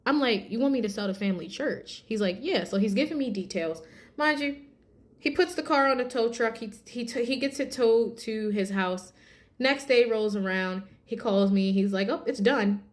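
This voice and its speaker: A woman, telling a personal testimony in a casual, animated way and acting out quoted lines. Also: a little high, moderate pace. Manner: animated, addresses viewers as y'all, acts out quotes. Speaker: vlogger sharing a testimony.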